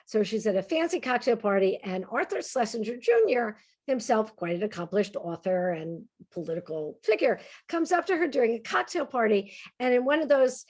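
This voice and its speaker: Brief: woman, humorous speaker, lively and conversational, fairly high voice. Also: normal speed, hardly any pauses. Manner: lively, conversational, checks in with "right?". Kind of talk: humorous keynote talk.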